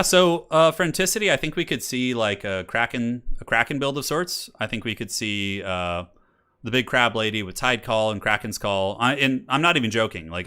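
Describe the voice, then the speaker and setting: A man's voice: on the low side, bright, forceful tone, clean tone. A man hosting a game tournament stream in casual live commentary, chatty and rambling and laughing often. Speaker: tournament stream host and caster. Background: faint classical music playing.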